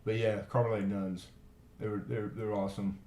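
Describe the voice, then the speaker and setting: A man's voice: on the low side, level tone, normal speed, mellow. A man hosting a live coin auction, chatting casually and rambling into stories between bids. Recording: echoey room.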